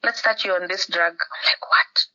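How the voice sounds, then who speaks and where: A Kenyan woman tells a story on a phone call and acts out everyone she quotes, with Swahili words slipping in. Her voice is very bright and sharp, and it sounds a little muffled through the line. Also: lowish voice, normal speed. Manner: animated storytelling, acting out the people she quotes. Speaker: podcast guest. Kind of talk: casual chat over a phone call.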